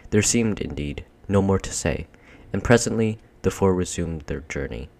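A man reading a children's storybook aloud in a measured, expressive narration. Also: low voice, vocal fry. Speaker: audiobook reader.

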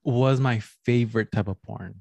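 A man co-hosting a podcast, telling stories in a giggly, animated way and slipping into playful voices. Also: medium pitch, moderate pace, creaky, no echo, dull audio. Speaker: podcast co-host. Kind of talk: casual explicit chat.

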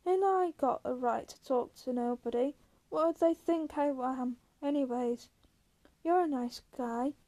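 A woman's voice: high-pitched, measured pace, mellow. A woman reading a lonely, coaxing young ranch wife. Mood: bitter. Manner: coaxing, restless, bitter.

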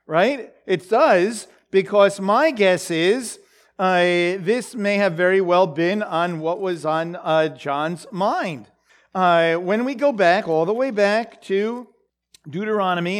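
High-voiced man teaching scripture. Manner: halting, full of fillers and restarts, asks the listeners questions. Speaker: preacher. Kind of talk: conversational Bible teaching.

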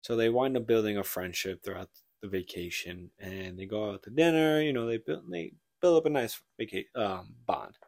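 A man's voice: fairly low pitch, normal speed, vocal fry, hardly any pauses, darkish tone, no echo, studio quality. A man co-hosting a casual podcast, retelling a book plot in a rambling way and acting out the characters' lines. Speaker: podcast co-host.

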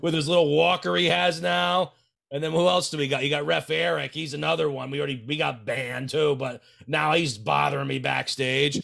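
A man's voice: a little high, creaky, fairly bright tone. A man in casual podcast chat as a wrestling manager, brash and boastful, trash-talking people.

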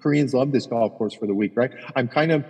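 A man with a husky, slightly breathy voice tells rambling golf stories in a casual podcast chat. He swears freely and keeps restarting his sentences. His voice carries a long reverb, as if in a hard-walled room. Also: medium pitch, a little fast, dark tone. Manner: profane, rambling anecdotes with repeated restarts. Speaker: golf caddie and podcast co-host.

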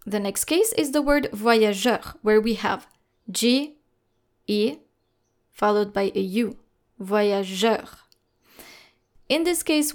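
A woman teaching French pronunciation in a lesson, speaking slowly and carefully, spelling out letters and repeating each sound. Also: on the high side. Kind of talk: scripted lesson narration.

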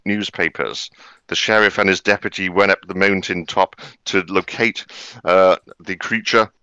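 Brief: low-voiced male podcast host, crisp and dry, rambling crude delivery, slightly dull sound. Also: pushed and bright, dry recording. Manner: crude, rambling, filler-heavy. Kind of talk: casual comedic storytelling.

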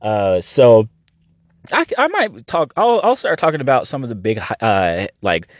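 A man from Oklahoma, hosting his own podcast, talks in a mid-pitched voice that sounds close and dry on the mic. He rants casually with plenty of swearing, sinking to a low mutter and then climbing to excited shouts. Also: a little slow, no room sound. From Oklahoma, USA. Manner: profane, animated, swings from mumbling to shouting. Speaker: podcast host. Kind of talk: casual solo podcast rant.

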